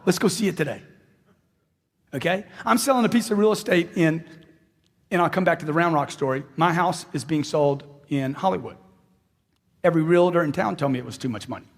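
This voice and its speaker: A man's voice: fairly high pitch, lively intonation, a little fast, long pauses. A man giving an emphatic motivational stage speech, repeating lines for effect and firing questions at the crowd. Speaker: motivational speaker. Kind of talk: live stage speech to an audience. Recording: long hall reverb.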